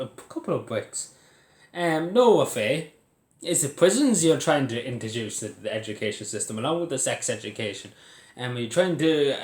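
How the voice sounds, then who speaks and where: Irish man, young adult, vlog rant, indignant, swearing, sarcastic, echoey room, mid pitch. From Ireland. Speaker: vlogger. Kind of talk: angry ranting commentary to camera. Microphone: phone or camera set on its side.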